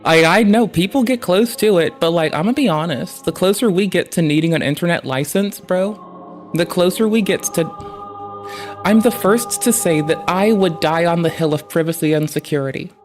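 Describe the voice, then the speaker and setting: Young male streamer, fairly high voice, heated and foul-mouthed at his desk, faint music behind. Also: moderate pace. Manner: heavily profane, heated. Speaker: livestreamer. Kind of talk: ranting stream commentary.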